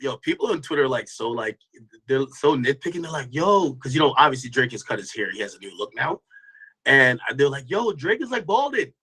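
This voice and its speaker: A man's voice: mid-range voice, fairly quick, pushed and bright, slightly rough, poor audio. A man hosting a casual commentary stream, talking loosely to his chat with lots of restarts and slang. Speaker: host reacting to a stream clip.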